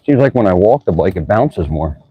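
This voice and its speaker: A man's voice: low-pitched, very animated, fairly quick, lo-fi sound, noisy background. A man vlogging outdoors as he rides a bike through town, chatting casually and musing aloud to a bike-mounted camera. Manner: easygoing, chatty, muses aloud. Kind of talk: casual narration while riding.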